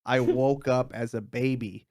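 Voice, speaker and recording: A man as an improv interviewee, answering in a deadpan, bluffing salesman manner. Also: mid-range voice, measured pace. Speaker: mock job interviewee. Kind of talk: improv comedy.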